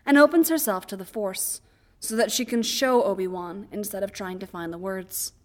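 A woman narrating fan fiction aloud as an audiobook, in a quiet, even storytelling voice. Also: medium pitch, normal speed.

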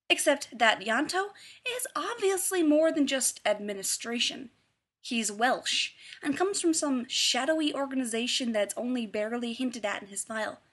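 A woman reading fan fiction aloud in an expressive, scripted narration. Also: fairly high pitch. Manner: expressive, shifting tone for characters. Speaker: reader.

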